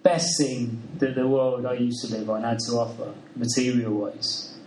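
Smug rich man, voiced by a British male preacher, a bit lower, in a roomy hall. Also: flat delivery, normal speed, darkish tone, slight background noise, lightly acted. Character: rich man, proud and pleased with himself. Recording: roomy sound from a distant mic.

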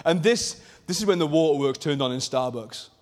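Fervent high-voiced male preacher, reverberant hall. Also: expressive, a little fast. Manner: swings between fervent, near-shouted emphasis and hushed intensity. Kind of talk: passionate sermon. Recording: long reverb of a large hall.

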